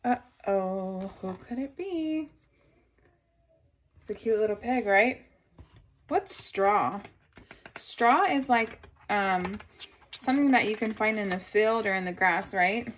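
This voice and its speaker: A woman reading a picture book aloud to children, gently stopping to ask her listeners questions. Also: medium pitch, takes it slowly, pauses often, a little hiss or hum.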